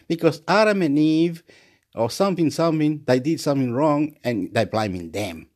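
A man rambling excitedly in a monologue vlog, laughing at himself and jumping between topics. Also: a little high, moderate pace. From Australia. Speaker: vlogger.

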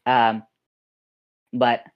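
A game master narrates a tabletop game in a loose, rambling style, restarting sentences as it goes. The voice sits at a middling pitch, and the recording is dull and lo-fi. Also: little pitch movement, extremely slow, a crowd in the background. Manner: rambling, with frequent restarts and laughs.

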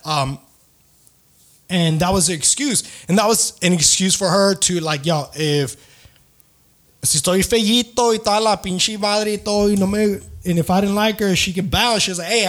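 A man's voice: high-pitched, a bit bright. A man in his thirties, hosting a podcast, telling a rambling dating story with lots of swearing, slang and some Spanish. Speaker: podcast host. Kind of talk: casual storytelling.

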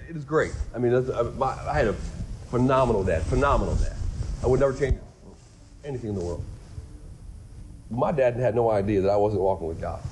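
A middle-aged male pastor preaching in a conversational, earnest way, with a voice of ordinary pitch for a man. He repeats words as he builds up to a point and lifts his voice for emphasis. There is faint noise behind him. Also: a little mellow. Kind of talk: sermon.

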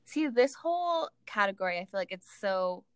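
Woman, mid pitch, rambling casual co-host, dry close sound. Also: big pitch swings, normal speed, clear, resonant tone, no room sound. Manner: rambling, hesitant, many fillers. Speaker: podcast co-host. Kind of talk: casual chat.

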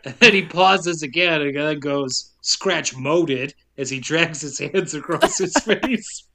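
A man's voice: on the high side, animated, measured pace, bright, forceful tone. Wry, chuckling man recapping a movie. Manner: wry, laughing while telling the plot. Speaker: podcast co-host recapping a movie. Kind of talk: casual chat, recapping the plot.

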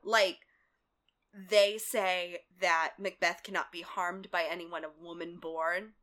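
A woman co-hosting a casual TV recap, animated, laughing often and swearing freely. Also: fairly low pitch, slow. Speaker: podcast co-host.

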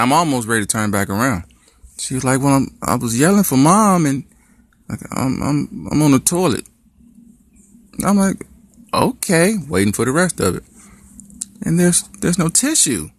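A man's voice: mid-range voice, moderate pace, pauses often, no echo. A middle-aged man casually telling a funny story about his teenage daughter, acting out the dialogue as he goes. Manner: animated storyteller who acts out quoted dialogue. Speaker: podcast host.

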